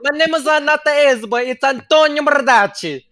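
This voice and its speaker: A man's voice: extremely high pitch, level tone, very slow, bright, forceful tone, full character voice. A man putting on a hammy mock Italian accent as a boastful male pizza chef, speaking playful broken English.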